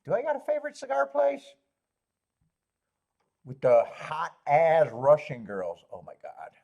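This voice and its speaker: A man's voice: fairly high pitch, wildly swooping pitch, unhurried, vocal fry, dark tone, lo-fi sound. A man hosting a live horse racing stream, rambling and joking while greeting viewers in chat.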